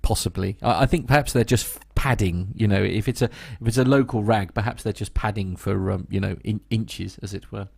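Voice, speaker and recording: A man's voice: on the low side, fairly quick, gravelly, hardly any pauses, slightly rough. A man co-hosting a podcast, chatting loosely with frequent hesitations and little laughs. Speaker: podcast co-host. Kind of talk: casual chat.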